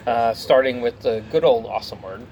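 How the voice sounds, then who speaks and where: A man's voice: mid-range voice, fairly quick, noisy background. A man in his forties co-hosting a profane, joking chat in the back of a bar, often playing confused. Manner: jokey, profane, mock-confused. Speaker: podcast co-host.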